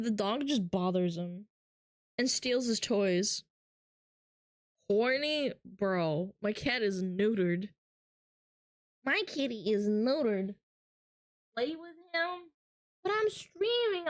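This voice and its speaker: A woman's voice: high voice, animated, slow, pauses often, no room sound, clean studio sound. A woman streamer chatting casually and reading out live comments, playful and teasing with frequent giggles, talking from her home setup.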